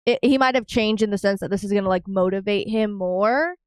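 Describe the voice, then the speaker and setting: Woman rambling about an anime ep, tons of "like", smooth clear voice, dry close sound. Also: mid-range voice, brisk, no room sound. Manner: chatty, many fillers like "like" and "um". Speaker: podcast co-host. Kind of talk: casual anime reaction chat.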